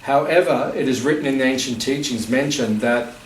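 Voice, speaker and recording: A man's voice: mid-range voice, a little fast, far from the mic. A man giving an informal spiritual talk to a live audience, conversational and joking, with many fillers. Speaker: spiritual teacher. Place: gathering room at a festival. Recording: echoey room, voice from afar, faint noise.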